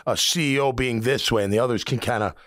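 A man's voice: mid-range voice, quick pace, no room sound, clean studio sound. A middle-aged man, a former linebacker, hosting a sports radio show and telling locker-room stories with frequent laughter. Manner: storytelling, laughs often, animated. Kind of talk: casual sports talk.

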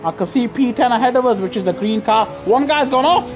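A man with a British accent giving chatty, excitable live commentary on a racing game over a headset mic, laughing often and grumbling in mock outrage. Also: very high voice, fairly quick, faint music behind. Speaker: gaming streamer. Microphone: gaming headset.

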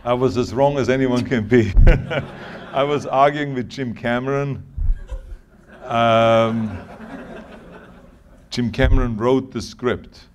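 A man's voice: medium pitch, fairly even intonation, takes it slowly, long pauses, a little hiss or hum. German-accented guy in an interview, words tumbling out, lots of restarts. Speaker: interview guest. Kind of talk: anecdotal interview answers.

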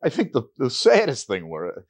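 An older man, a retired teacher, tells stories in an oral history interview, speaking at medium pitch and a moderate pace. He's an animated storyteller who acts out the voices of the people he quotes.

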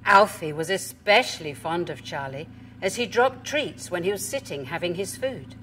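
A woman gently reading a children's story aloud. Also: on the low side, lively intonation, normal speed, a little hiss or hum.

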